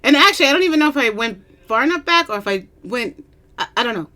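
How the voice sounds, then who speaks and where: An excitable woman from Long Island, gushing casually in a music reaction video. Her voice is bright and forward, and she breaks into giddy squeals as she talks into her computer mic at home. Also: a little high, fast. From Long Island, New York. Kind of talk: casual chat.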